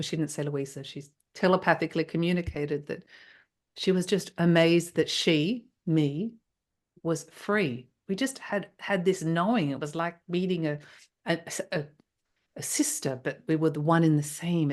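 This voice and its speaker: A woman's voice: on the low side, measured pace, a little mellow. Emotional woman telling a vivid personal story. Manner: emotional and breathless, with frequent restarts. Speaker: guest.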